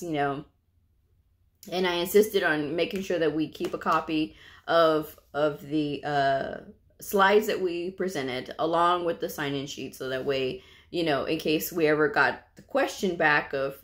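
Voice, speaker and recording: A woman with a fairly low-pitched voice tells a story about her job. She talks casually and drifts into fillers and asides. She sounds relaxed and conversational, like a vlogger chatting to her viewers. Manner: laughs while telling the story. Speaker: medical coding vlogger.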